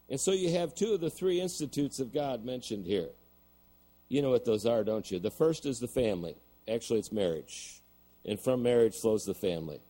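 A man's voice: mid-range voice, warm tone, poor audio. A middle-aged man preaching a sermon, telling a story and then building to emphatic points. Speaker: pastor.

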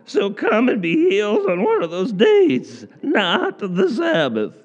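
A preacher voicing a cranky, indignant male synagogue ruler in a high, slow whine. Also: wildly swooping pitch, muffled recording, exaggerated voice.

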